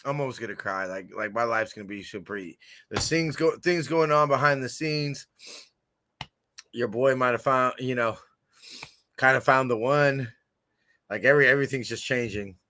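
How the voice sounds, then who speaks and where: Excitable, giggly man with a bright voice. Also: medium pitch, moderate pace, pauses often. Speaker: fan podcast host. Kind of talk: casual livestream chat. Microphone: computer camera mic.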